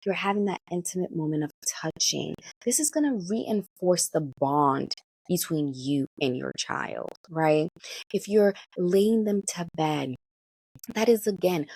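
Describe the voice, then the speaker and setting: A woman doula giving parenting advice in a coaching manner, often checking in with listeners and swinging her pitch and pace expressively. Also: gravelly, a little mellow, slightly rough, dry recording.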